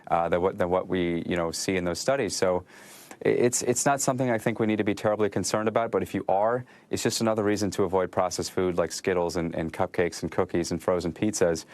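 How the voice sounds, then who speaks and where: A male doctor giving advice in a news interview, measured and reassuring. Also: deep voice, fairly even intonation, a little mellow. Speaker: doctor guest.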